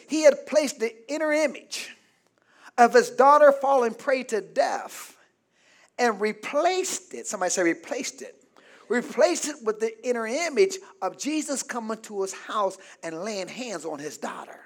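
A pastor with a strikingly high voice preaches in call-and-response style. He throws questions out to the congregation and rises to shouting at the peaks. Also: expressive, moderate pace.

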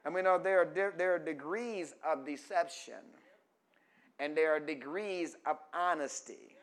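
A man pastor preaching a call-and-response sermon, asking the congregation questions and stretching key words slowly for emphasis. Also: on the high side. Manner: rises from quiet teaching to loud emphatic preaching.

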